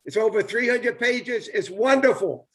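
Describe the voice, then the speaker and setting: A rambling older man with a drawl chats on a live video call from home. His voice sits high for a man and keeps circling back over the same points. He is full of eager, repetitive enthusiasm, with plenty of "uh" and "you know" along the way. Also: moderate pace, fairly bright tone. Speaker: host, former baseball player. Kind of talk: casual live chat.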